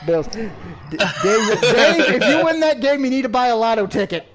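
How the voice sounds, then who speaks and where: High voiced guy running a sports picks stream, jokey and swearing a lot. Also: very animated, normal speed, a loud crowd. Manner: joking, laughs often, swears. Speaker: host. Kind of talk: casual sports chat on a stream.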